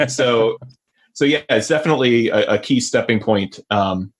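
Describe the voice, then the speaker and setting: A man's voice: mid-range voice, unhurried. A man co-hosting a podcast in casual chat, rambling with lots of restarts. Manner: rambling, many fillers and restarts. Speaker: podcast co-host.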